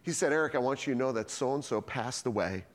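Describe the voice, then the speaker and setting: His medium-pitched voice comes fairly quick, echoing with a long reverb tail. The man is a pastor delivering a sermon, telling stories energetically and performing the dialogue on his own.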